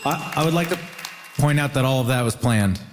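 A comedian from Ontario, performing dry, self-mocking stand-up on stage. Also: male voice, medium pitch, lively intonation, a little fast, crowd noise. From Ontario, Canada. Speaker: comedian debater. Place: theatre stage. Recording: reverberant hall with noise.

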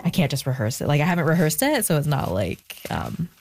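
Low-voiced woman, candid and reflective. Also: sing-song, fairly quick, a little mellow, slight background noise. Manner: reflective, candid, gets emotional and laughs it off. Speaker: author guest. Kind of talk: personal interview conversation.

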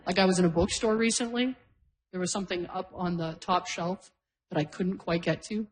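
Speaking briskly in a fairly low voice with fairly even intonation, a middle-aged comedian tells self-deprecating stand-up stories on stage before a live audience, laughing through her lines.

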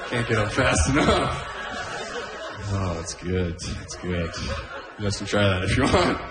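A man's voice: fairly low pitch, lively intonation, a little slow, roomy sound. A man from Canada performing a stand-up comedy set, laughing at his own jokes and often saying "oh, man".

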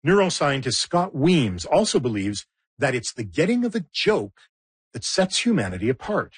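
A man's voice: medium pitch, big pitch swings, moderate pace, slightly rough, no room sound. A man hosting and narrating a documentary with playful, wry asides. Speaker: host and narrator.

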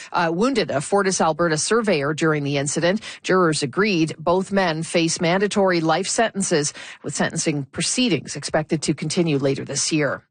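Low-voiced radio newsreader woman. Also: no room sound. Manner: measured, formal news delivery. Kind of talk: radio newscast and studio banter.

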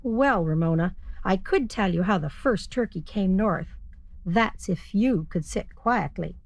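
A woman voicing a calm puppet storyteller who speaks slowly, softly and a little sternly. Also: medium pitch, no echo. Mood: gently stern. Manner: slow, soft and gently stern.

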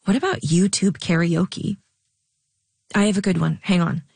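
A wistful, soft-spoken young woman, as a storyteller puts her on, halting and tender, with a husky, gravelly low voice in a dry, close sound. She is read aloud in a storybook style. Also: steady tone, no echo. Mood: fond.

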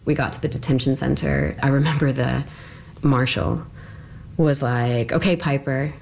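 Very low-voiced young woman recalling. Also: steady tone, unhurried, vocal fry, darkish tone, a little hiss or hum. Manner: conversational, full of fillers. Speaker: interviewee. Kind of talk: personal recollection in an interview.

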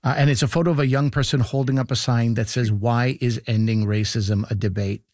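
A man's voice: medium pitch, steady tone, a little fast, darkish tone, no echo. A man with a mid-range voice hosts a conversation, asking thoughtful questions in a loose, rambling way. He is recorded close up in a dry studio with no room sound. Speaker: interviewer, host. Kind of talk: conversational interview.

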